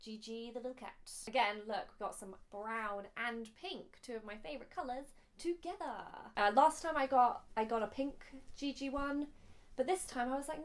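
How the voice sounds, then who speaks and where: A woman's voice: fairly high pitch, moderate pace. A young woman talks through a shopping haul in a casual, gushing, chatty vlog. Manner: gushing, chatty, easily emotional. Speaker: vlogger.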